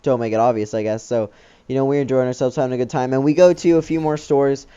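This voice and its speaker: A gaming channel host tells a childhood story over his game commentary, his mid-range voice mellow, clean in tone and fast, with fairly even intonation. The recording is muffled, and his talk is loose and rambling, packed with fillers.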